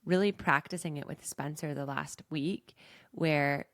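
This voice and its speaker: Woman, podcast host and life coach, candid self-reflective monologue, deep voice, dry close sound. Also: steady tone, a little slow, dry recording.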